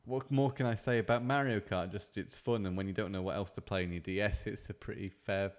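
A podcast co-host with a fairly low-pitched voice nudges and teases his friend with questions. His delivery is casual and chatty, like friends talking on a show. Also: steady tone, a little fast. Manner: teasing, prodding questions. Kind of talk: casual chat.

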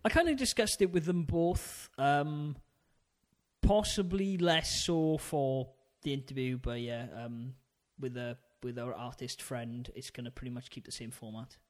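A man co-hosting a podcast, chatting casually in a relaxed, rambling way and laughing often. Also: medium pitch, unhurried. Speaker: podcast co-host. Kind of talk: casual chat.

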